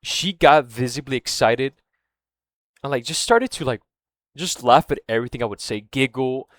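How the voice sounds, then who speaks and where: A man's voice: mid-range voice, moderate pace, no echo, studio quality. A man telling a story in a casual, rambling monologue, swearing often and losing his thread, with fillers like "right?" and "man". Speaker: vlogger.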